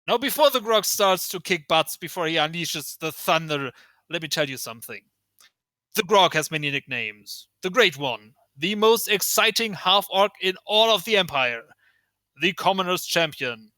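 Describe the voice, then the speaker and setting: A man hamming up a swaggering half-orc wrestler who brags about himself in the third person. The voice is bright and smooth, slow and emphatic, in a dry, close recording. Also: sits high, lively intonation, no room sound, voice pushed up. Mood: boastful.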